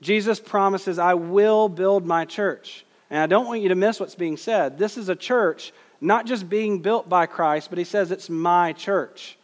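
A male pastor delivers an earnest sermon, leaning hard on key phrases and slowing for quotes. His voice sits a little high for a man. A long hall reverb trails each line. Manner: earnest, emphatic preaching with slow stressed quotes.

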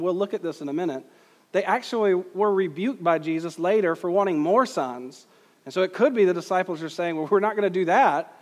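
A man's voice: high voice, long reverb tail. A man preaching a conversational sermon as pastor, putting questions to the congregation.

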